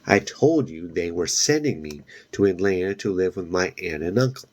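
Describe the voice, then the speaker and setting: A man's voice: deep voice, expressive, normal speed. A man reading aloud and voicing a fearless, teasing young girl from a storybook, raising his voice into a pushy, upbeat tone.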